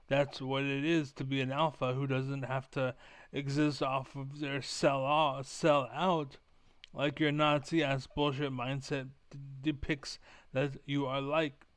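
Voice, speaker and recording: Ranting, profane man with a smooth voice. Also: medium pitch, no echo. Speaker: gaming vlogger. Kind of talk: angry rant to camera.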